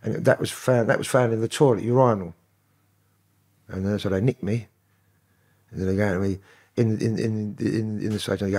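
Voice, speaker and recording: London man, podcast guest, husky and coarse-spoken, sweary storyteller. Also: on the low side, steady tone, fairly quick, pauses often, a little mellow. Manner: profane, rambling street talk. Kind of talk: casual storytelling interview.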